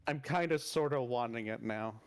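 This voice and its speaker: A man's voice: mid-range voice, normal speed. A man playing in a casual tabletop session over a voice call. He talks in an easygoing way, explaining what his character is doing. He swears lightly when a roll goes badly. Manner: easygoing, laughs and swears at bad rolls. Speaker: player. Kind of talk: casual chat during a tabletop game. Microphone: desk mic on voice call.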